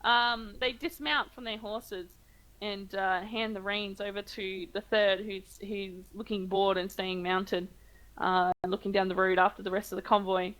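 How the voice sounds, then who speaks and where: Bright-voiced Australian woman game master. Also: medium pitch, fairly even intonation, a little slow, low-quality recording. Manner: hesitant, many ums and uhs. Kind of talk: narrating a tabletop game.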